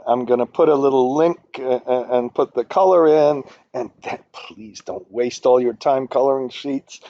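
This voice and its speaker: A man's voice: a little mellow, no echo. A man teaching a spreadsheet finance lesson over a screen recording, rambling and opinionated, with many fillers and restarts. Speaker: finance instructor. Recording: dull, dry low-fidelity audio.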